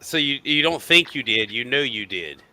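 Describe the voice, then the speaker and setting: Bright-voiced man with sarcastic quips. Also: mid-range voice, animated, normal speed. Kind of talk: casual group chat.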